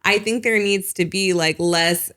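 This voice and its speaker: A woman's voice: medium pitch, a little slow, a bit bright. A woman psychologist, a guest on a podcast, explaining at length in casual talk with lots of "like" and "you know.". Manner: acts out short parent quotes in other voices.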